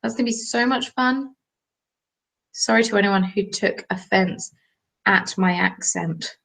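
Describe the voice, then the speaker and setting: A woman's voice: mid-range voice, unhurried, vocal fry, a bit bright. A young Englishwoman hosting a casual live knitting stream, chatting in a rambling way and reading out viewer comments. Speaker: host. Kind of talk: casual livestream chat while knitting.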